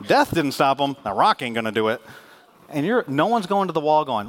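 Animated pastor preaching with wide pitch swings. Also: male voice, normal speed. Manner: animated, joking, with sarcastic asides. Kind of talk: sermon. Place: church in front of a congregation.

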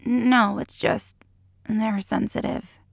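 A woman's voice: on the high side, fairly even intonation, slow pace, creaky, dry recording, clean studio sound, pitched above the performer's own voice, full character voice. A woman voicing Mulder, wry and flustered. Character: wry, flustered male agent.

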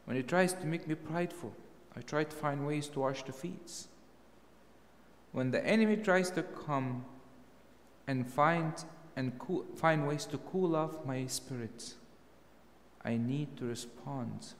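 A man preaching a sermon, emphatic and full of rhetorical questions, his voice rising to loud peaks. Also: a little high, unhurried, long reverb tail, slight background noise.

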